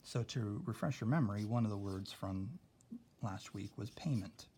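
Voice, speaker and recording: A man's voice: fairly low pitch, warm tone, slight background noise. A man teaching a recorded spelling lesson, explaining patiently and checking in with "okay?" after nearly every point. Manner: explains slowly, adds "okay?" often.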